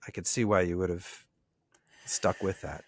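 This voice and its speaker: A man's voice: deep voice, moderate pace. A man co-hosting a podcast, prompting his partner with conversational questions. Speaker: journalist, podcast co-host.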